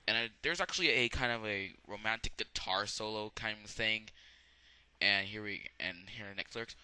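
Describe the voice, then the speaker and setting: A man reviewing a song in a casual, rambling way, often pausing to search for words. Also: on the low side, very animated, vocal fry, bright, forceful tone.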